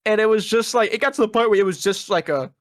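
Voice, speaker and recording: A man chatting on a podcast, animated and profane, acting out what others said. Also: sits high, fast talker. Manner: animated, profane trash talk, acts out quotes. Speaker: podcast guest. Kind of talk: casual chat, storytelling.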